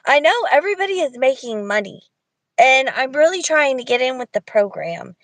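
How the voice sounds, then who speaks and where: A woman's voice: high voice, very animated, normal speed, no echo, low-quality recording. A woman in casual livestream chat, rambling and thinking aloud to her viewers. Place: Walmart parking lot.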